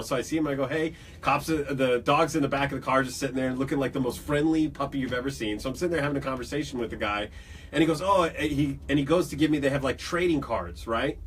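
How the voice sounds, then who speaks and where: A man hosting a podcast, telling a lively, jokey story in casual chat. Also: mid-range voice, far from the mic, a little hiss or hum. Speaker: podcast host.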